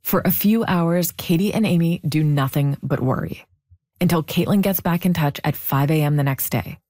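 A woman narrating a true story in measured, scripted storytelling. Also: sits low, warm tone, no room sound. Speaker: podcast narrator.

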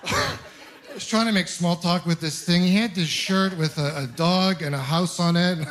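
A man in his thirties from Ontario, doing a stand-up comedy set as an animated, self-mocking storyteller full of mock outrage. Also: high-pitched, normal speed. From Ontario, Canada.

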